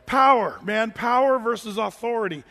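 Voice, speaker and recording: A man's voice: very high voice, lively intonation, moderate pace, sharp tone, big-room sound. A man preaching a sermon to his congregation in a church sanctuary, talking casually with many restarts and fillers. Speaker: pastor.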